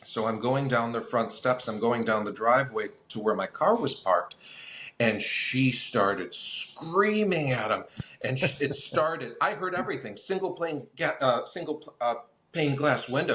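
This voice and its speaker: Man spinning lively collector anecdotes. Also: medium pitch, unhurried. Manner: lively anecdotal storyteller with acted quotes. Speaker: guest, phonograph collector. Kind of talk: casual storytelling.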